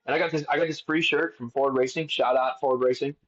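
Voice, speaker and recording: Lively young man, lo-fi sound. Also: medium pitch, fast. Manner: animated storytelling, swears freely. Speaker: podcast co-host. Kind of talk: casual chat. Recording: dull lo-fi sound.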